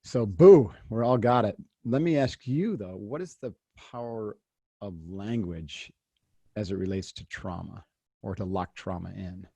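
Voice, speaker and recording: Man, podcast host, low mellow voice, husky, dry close sound. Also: unhurried, no room sound. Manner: asks reflective questions, self-deprecating asides. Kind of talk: casual interview chat.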